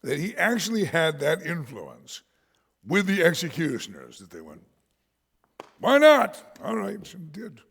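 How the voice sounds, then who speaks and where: A male pastor preaching a sermon, swinging from shouts to whispers and laughing often. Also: fairly high pitch, wildly swooping pitch, moderate pace, gravelly, slightly rough, big-room sound. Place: church sanctuary.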